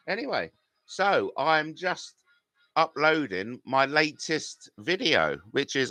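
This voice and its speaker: Combative middle-aged man, bright voice. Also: fairly high pitch, sing-song, slow, dry recording, studio quality. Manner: combative, swearing, rambling. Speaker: YouTuber live-streaming and reading chat. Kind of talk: live stream chat.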